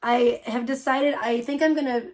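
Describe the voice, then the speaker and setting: A woman's voice: a little high, steady tone, normal speed, darkish tone. A woman live streaming from home, chatting casually and gushing with lots of filler words.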